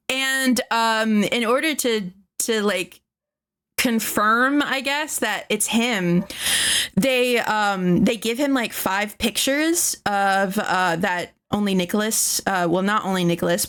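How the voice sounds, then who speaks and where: A woman's voice: fairly high pitch, fairly bright tone. A woman streamer retelling a story in casual chat, rambling with lots of fillers, swearing and laughing often.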